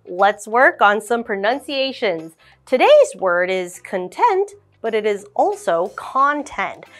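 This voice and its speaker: A woman co-host explaining pronunciation in a playful, animated way. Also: a little high. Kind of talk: casual pronunciation lesson.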